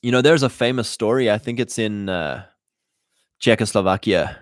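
A man's voice: lowish voice, moderate pace, no echo, clean studio sound. A man hosting a livestream, talking in a loose monologue full of restarts and fillers. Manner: rambling, many fillers and restarts. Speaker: show host.

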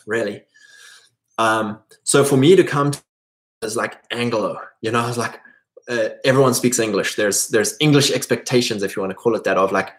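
A man from South Africa with a South African accent, talking in a casual, rambling monologue full of fillers and restarts. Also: on the low side.

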